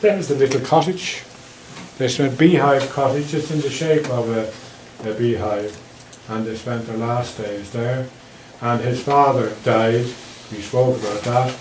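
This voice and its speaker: A man's voice: medium pitch, steady tone, measured pace, slight background noise, rough recording. A man with an Irish accent giving a local history talk with slides, telling stories in a chatty, wry way. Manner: anecdotal, chatty, wry asides.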